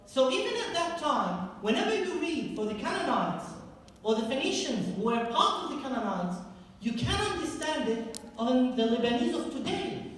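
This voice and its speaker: Man lecturing in an echoey hall. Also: extremely high pitch. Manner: lively and engaging, asks the audience direct questions. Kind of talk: public history lecture. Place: lecture hall with a live audience. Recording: echoey hall recorded from far off.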